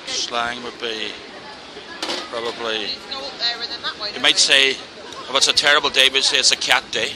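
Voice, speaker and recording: Casual man explaining slang, crowded street. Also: medium pitch. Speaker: interviewee. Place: busy outdoor market. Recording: crowded noisy market outdoors.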